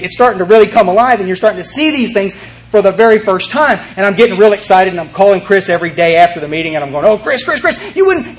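An older man with a fairly high voice tells his recovery story to a meeting. He talks in lively bursts, acts out the voices in his tale, and often restarts his sentences.

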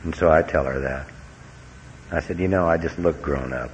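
A man's voice: extremely low pitch, normal speed. A middle-aged man giving a folksy, earnest personal talk as a recovery meeting speaker, with wry humor. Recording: dull lo-fi recording with faint hiss.

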